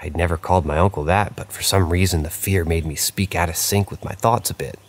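A man narrating true paranormal stories aloud, reading in a plain, unhurried way with small slips. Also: low voice, fairly even intonation. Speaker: story narrator.

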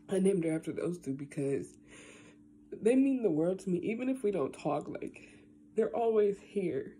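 A young woman talking casually into her camera at home, rambling and tearful, with lots of halting fillers. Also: low voice, mellow, slight background noise. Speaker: vlogger. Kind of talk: casual vlog, emotional talk then unboxing.

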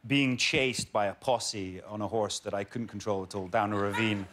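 A man in his thirties, a talk show guest, telling relaxed, self-deprecating anecdotes. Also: fairly low pitch, moderate pace, a little hiss or hum. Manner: relaxed, self-deprecating storyteller, laughs often. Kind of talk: chatty anecdote. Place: TV studio with audience.

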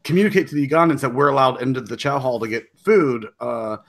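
A man in casual chat, telling a story with many restarts and pauses. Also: mid-range voice. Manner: rambling with many restarts and fillers. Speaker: podcast co-host.

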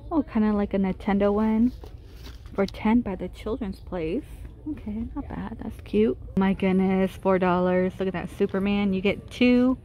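A woman's voice: medium pitch, moderate pace, muffled recording, slight background noise. A woman vlogging a casual shopping walkthrough in a big store, chatting about prices and gushing over cute items as she films on her phone. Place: inside a large retail store.

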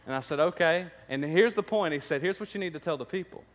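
A man's voice: fairly high pitch, fast talker, in a large hall. A man, preaching a sermon, telling stories and building to emphatic points. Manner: storytelling, rising to emphatic preaching. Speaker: pastor. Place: church sanctuary.

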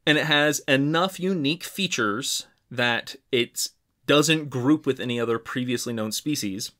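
Man, podcast co-host, casual science chat, relaxed explaining, middle pitch. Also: unhurried. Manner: relaxed, explanatory, with frequent restarts.

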